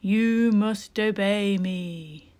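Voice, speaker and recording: A woman's voice: mid-range voice, drawn-out words, a little mellow. A woman voicing a mischievous young boy who plays at spooky jokes. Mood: spooky slow drone. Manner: playful, mock-spooky. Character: mischievous joking Egyptian boy.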